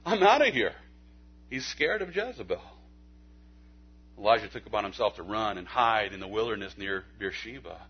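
A man preaching a sermon in a conversational way, with folksy asides, stammered restarts, and a hushed soft delivery when he makes a point. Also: fairly low pitch, lively intonation, normal speed, breathy edge. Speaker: pastor. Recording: dull lo-fi recording.

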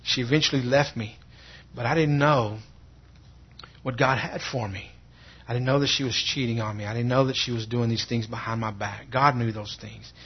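A middle-aged man, telling a personal faith testimony in an earnest, halting way and often repeating words. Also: mid-range voice, steady tone, breathy edge. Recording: dull lo-fi recording.

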